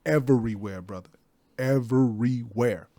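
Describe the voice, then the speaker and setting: A man in his fifties, a guest on a podcast, telling stories in a slangy, profane, animated way in a studio. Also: mid-range voice, unhurried, no echo. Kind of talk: casual storytelling.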